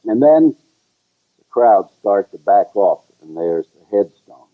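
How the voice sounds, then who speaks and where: A man co-hosting a casual chat, telling a story with lively sung bits. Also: unhurried. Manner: animated storyteller who sings high "la la" bits. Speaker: show co-host. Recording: tinny, phone-like, lo-fi sound.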